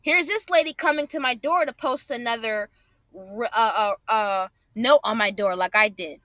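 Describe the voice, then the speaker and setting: A woman's voice: on the high side, moderate pace, a bit bright, no echo. A woman vlogger angrily commenting over her own clips, profane and repeating herself for emphasis. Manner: indignant, profane, repeats phrases.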